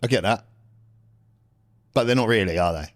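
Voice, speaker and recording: Low-voiced laddish man, dry sound. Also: moderate pace, no room sound. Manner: laddish, calls everyone mate, explains confidently. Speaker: podcast co-host. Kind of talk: casual chat.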